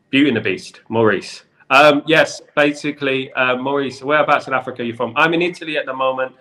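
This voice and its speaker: A man with a London accent talks through football news on a live stream, replying to his viewers as they comment. He speaks at an ordinary, middle pitch and loops back over the same phrases again and again. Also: a little fast, hardly any pauses, sharp tone. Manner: repetitive, chatty, keeps saying "in regards to". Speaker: football channel host.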